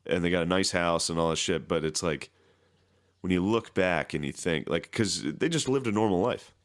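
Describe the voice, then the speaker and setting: A young man with a very low voice in casual podcast chat. He is laid-back and dry, quick with short replies. Now and then he jumps into a shrill mock voice to quote someone. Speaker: podcast co-host.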